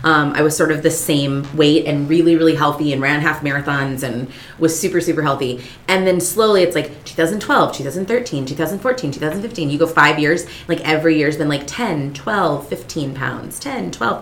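A woman's voice: low-pitched, brisk, a little hiss or hum. A woman podcast co-host in her thirties, chatting frankly and swearing freely. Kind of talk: casual chat.

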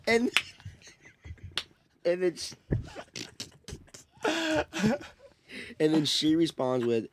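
A young man telling a story in casual chat, animated and laughing often as he goes. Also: fairly high pitch, very slow, pauses often, a little hiss or hum. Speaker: podcast host.

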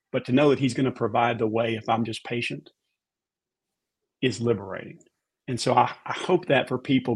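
A man with a faintly husky, mid-pitched voice appears on a podcast and speaks with conviction about faith, using repetition of words to stress what matters.

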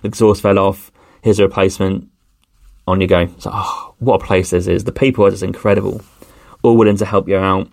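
Casting: male podcast host, deep gravelly voice, dry close sound, chatty rambling delivery. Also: no room sound. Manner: rambling, with many fillers and restarts. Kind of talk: casual travel storytelling.

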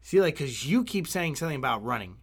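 A man co-hosting a casual podcast. He talks in a lively up-and-down way, swearing often and taking his time as he asks his questions. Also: on the high side, quick pace, creaky. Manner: swearing, drawn out, steering the questions. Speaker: podcast co-host. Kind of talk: casual chat.

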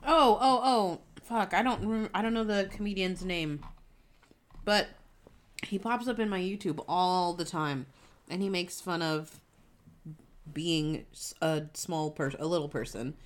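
A woman's voice: fairly low pitch, unhurried. A woman co-hosting a casual chat, talking in a loose conversational way and swearing offhandedly. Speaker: podcast co-host.

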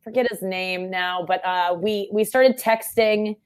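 Animated young woman telling a story. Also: mid-range voice, clear, resonant tone. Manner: animated storyteller, fast and breathless, acts out quotes with loud shouts. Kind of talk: casual chat.

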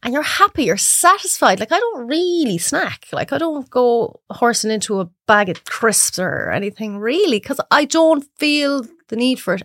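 Lively Irish woman telling stories. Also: fairly high pitch, no room sound, studio quality. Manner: animated storyteller who acts out voices. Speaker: cook and podcaster guest. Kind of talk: casual chat.

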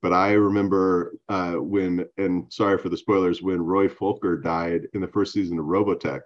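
A man's voice: deep voice, fairly even intonation, normal speed, highs cut off. A middle-aged man from Southern California, a guest author who speaks in a reflective, wry way in an interview. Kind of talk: interview conversation.

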